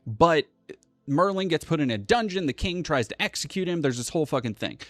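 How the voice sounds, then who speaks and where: A young male livestream host rambles and swears freely in a profane, casual rant. His voice sits on the high side with lively intonation and a slightly fast pace, and the sound is dry and close with no echo and faint music underneath.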